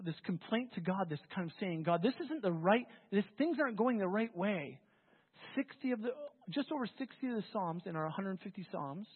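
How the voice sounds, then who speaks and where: This sermon comes from a pastor whose voice is husky and medium in pitch. He tells it conversationally, like a story, often restarting his phrases, and the phone-like recording is washed in long hall reverb.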